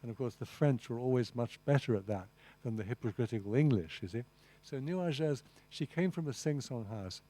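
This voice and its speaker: A man's voice: medium pitch, lively intonation, fairly quick, warm tone. A man lecturing at a master class on translation, enthusiastic and rambling, with many asides to the audience and "you see.". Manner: frequent restarts and "you see". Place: lecture room.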